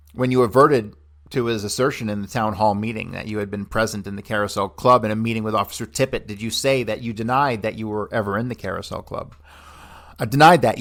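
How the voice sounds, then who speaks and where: A man reading a hearing transcript aloud on a podcast, taking both the questions and the answers in one steady voice. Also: on the low side. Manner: steady reading voice that plays both questioner and witness without changing voice.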